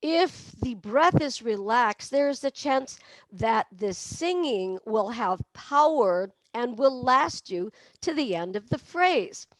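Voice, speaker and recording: A woman's voice: fairly high pitch, expressive, slow, no echo, studio quality. Woman coaching singing breath exercises. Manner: demonstrative, breaks into barks, meows and sung laughs. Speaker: vocal coach. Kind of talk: online voice lesson.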